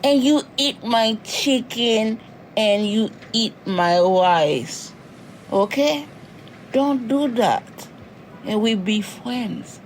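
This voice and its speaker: Cartoon role: a woman playing a hot-headed young male convict, blunt and plodding, slightly high voice. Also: animated, a little hiss or hum. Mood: apologetic. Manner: slow, broken creole English, blunt. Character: hot-tempered young male prison inmate. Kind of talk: cartoon voice acting.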